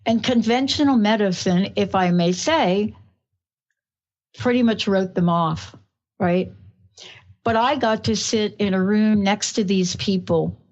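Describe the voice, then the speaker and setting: A talk radio host with a New York accent speaks in an effusive, rambling way at a middle pitch. Her emotion keeps spilling into her questions. The broadcast sound is slightly muffled. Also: a little slow, darkish tone.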